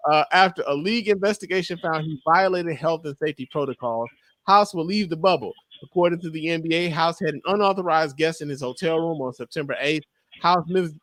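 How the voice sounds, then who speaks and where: A man in his thirties co-hosting a podcast, chatting casually about sports with loud, laughing, profane banter. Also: a little high, no echo. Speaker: podcast co-host.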